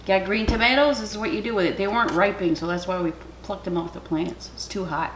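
A middle-aged woman with a Canadian accent, chatting excitedly through a cooking video at home and sometimes dropping to a whisper. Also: mid-range voice, brisk. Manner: chatty and excitable, drops to a whisper over food. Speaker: cooking channel host. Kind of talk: casual cooking vlog chat. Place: home kitchen. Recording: noisy home recording.

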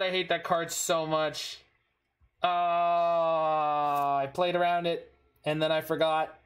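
A man's voice: a little high, flat delivery, takes it slowly, fairly bright tone, smooth. A man giving casual commentary on his own card game, talking to himself and swearing when plays go wrong. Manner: frustrated outbursts and swearing; talks to himself while playing. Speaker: gaming streamer.

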